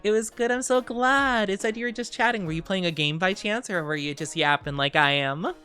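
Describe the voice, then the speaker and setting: A woman's voice: mid-range voice, fairly quick, sharp tone, clean tone, soft background music. Sick, giggly young woman streamer. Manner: giggly, rambling, self-conscious. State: sick, dizzy, under the weather. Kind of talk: casual chat.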